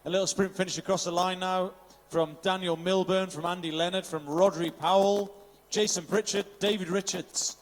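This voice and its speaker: A man's voice: sits high, fairly even intonation, normal speed, in a large hall. A man announcing and interviewing at the finish of an outdoor race, upbeat, reeling off finisher names and slipping in Welsh phrases. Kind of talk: live event commentary. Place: outdoor finish area of a triathlon.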